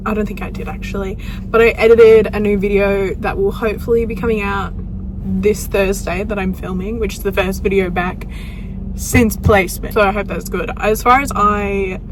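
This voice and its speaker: A woman's voice: medium pitch, steady tone, moderate pace. A young woman, a nursing student, chatting candidly to camera from her car, with lots of "like" and "um". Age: young adult. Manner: chatty, candid, filler-heavy. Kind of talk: casual chat to camera. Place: inside a car. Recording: car interior with noise behind. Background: car and road noise.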